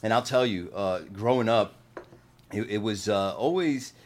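Energetic man with a New Jersey accent. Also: lowish voice, moderate pace. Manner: energetic, upbeat, laughs often. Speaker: podcast guest. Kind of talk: casual chat.

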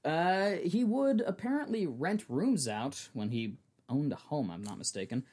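A young man hosts a podcast and retells a story in a relaxed, chatty way, often restarting his sentences. His pitch sits a little high and swings up and down a lot as he talks. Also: a little slow, husky. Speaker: podcast host.

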